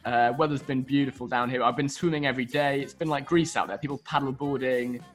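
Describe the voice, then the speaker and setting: A man's voice: medium pitch, fairly even intonation, fast, faint music behind. A man co-hosting a podcast in casual chat, rambling and self-mocking with frequent laughs. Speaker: podcast co-host.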